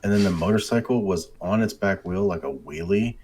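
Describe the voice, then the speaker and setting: A man co-hosting a casual gaming podcast, telling excitable, sweary game stories. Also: deep voice, fairly quick, a little hiss or hum. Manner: excitable storytelling, heavy swearing. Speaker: podcast co-host.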